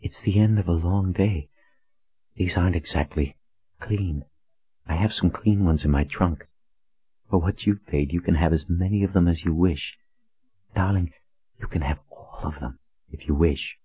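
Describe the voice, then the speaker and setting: A breathy, teasing young woman who coaxes in soft murmurs, played by a male narrator. Her voice stays husky and close, in a dull, muffled recording. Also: sits low, normal speed, pauses often, no room sound. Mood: coaxing.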